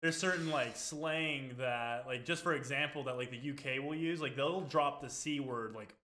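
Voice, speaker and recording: A man in his twenties hosting a casual gaming podcast, talking loosely and filling every pause with "like" and "dude". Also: mid-range voice, bright, forceful tone. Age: 20s. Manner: chatty, peppers speech with "like" and "dude". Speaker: podcast host. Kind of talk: casual chat.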